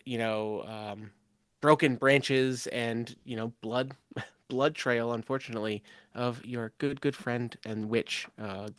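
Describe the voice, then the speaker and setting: A man's voice: mid-range voice, a bit bright, clear, resonant tone, no echo. Rambling male game master, dry close mic. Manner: rambling, lots of ums and asides. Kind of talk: running a tabletop game live.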